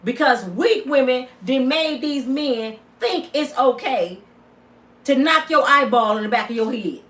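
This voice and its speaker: A woman giving a comedic opinion rant, loud and blunt, full of asides. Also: high-pitched, animated, a little slow, reverberant, far from the mic. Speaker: commentator.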